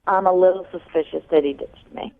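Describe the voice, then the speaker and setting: A woman's voice: fairly low pitch, fairly even intonation, a little fast. A woman calling in to a radio show, chatty and a little sassy as she tells her story. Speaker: caller. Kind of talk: telling a dating story on air. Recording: tinny phone line.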